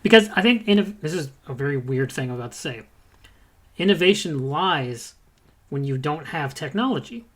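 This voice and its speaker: A man's voice: fairly high pitch, expressive, normal speed, fairly bright tone. A man co-hosting a casual gaming podcast, giving blunt, profane opinions with bursts of energy. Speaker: podcast co-host.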